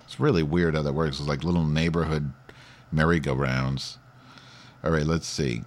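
On the radio, a man works out a crude song parody for a comedic bit, muttering to himself before belting out lines. His voice is extremely low, his intonation fairly even, his speed normal, and his manner self-deprecating as he switches between muttering and loud singing.

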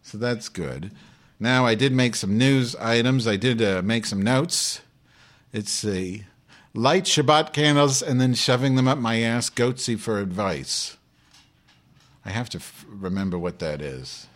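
He speaks a little slowly in a mid-range, lightly acted voice. It's improvised comedy in which a man portrays a foul-mouthed, brash Jewish woman hosting a live online show, ranting in a grumbling, abrasive, rambling way.

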